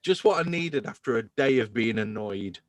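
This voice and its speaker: A man's voice: medium pitch, normal speed, no room sound. A man hosting a podcast in casual chat, enthusing about beer. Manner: enthusiastic, animated beer talk. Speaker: podcast host.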